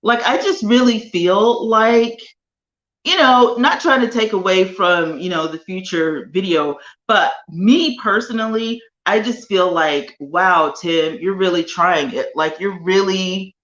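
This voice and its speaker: A woman hosting a casual live chat with viewers from her home sunroom, animated and chatty with drawn-out emphasis. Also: medium pitch, echoey room, highs cut off. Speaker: livestream host.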